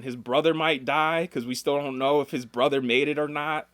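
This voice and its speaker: A man's voice: mid-range voice, normal speed, no echo. A man co-hosting a casual podcast chat, telling stories with lots of swearing and acting out the people he quotes. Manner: animated storytelling, acts out quoted people, swears freely. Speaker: podcast co-host.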